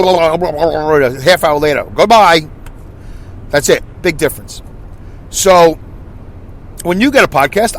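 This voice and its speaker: A man in his fifties with a New York accent, hosting a podcast in a loud, rambling, self-deprecating monologue. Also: fairly high pitch. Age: 50s. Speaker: podcast host. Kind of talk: casual monologue.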